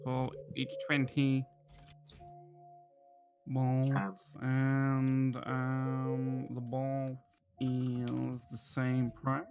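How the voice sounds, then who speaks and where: Gravelly-voiced man running a tabletop game. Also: medium pitch, monotone, drawn-out words, a little mellow, soft background music. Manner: haggling as a shopkeeper between narration. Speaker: dungeon master.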